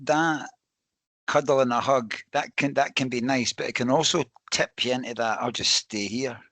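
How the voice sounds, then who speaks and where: A middle-aged man hosting a podcast, with a gravelly, fry-tinged voice. He encourages his guest and thinks out loud between questions. The recording is dry and close. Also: medium pitch, fairly even intonation, moderate pace, no room sound. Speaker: podcast host. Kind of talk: casual interview chat.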